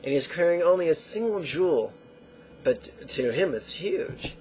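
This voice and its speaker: A man teaching meditation, who tells lively stories and acts out the quotes. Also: on the high side, measured pace, a little hiss or hum. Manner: animated storyteller acting out quotes. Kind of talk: spoken meditation lesson.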